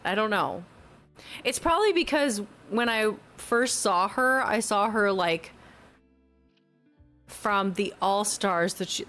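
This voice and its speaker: A woman's voice: medium pitch, a bit bright. A young woman streaming from home, chatting casually with her chat in a rambling, giggly way that keeps correcting itself. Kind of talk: casual livestream chat, reacting to chat. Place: home, newly moved in.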